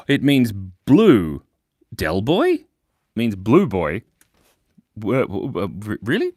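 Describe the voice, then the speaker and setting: A man's voice: medium pitch, huge pitch swings, slow, long pauses, dry recording, studio quality. A young Australian man hosting a live drawing stream, chatting playfully and laughing as he reads out viewer comments.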